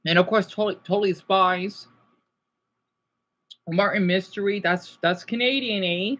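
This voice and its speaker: A man chatting casually on a livestream, answering viewers, rambling and excitable with lots of restarts and exclamations. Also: sits high, unhurried. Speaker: YouTuber.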